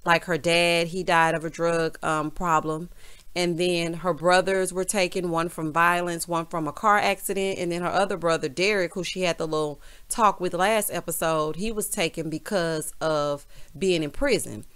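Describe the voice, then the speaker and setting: A woman's voice: lowish voice, normal speed, clear, resonant tone. Sassy Southern woman calling everyone honey. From American South. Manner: sassy and animated, says "honey" constantly. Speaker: reality TV recap vlogger. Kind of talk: casual sassy recap chat.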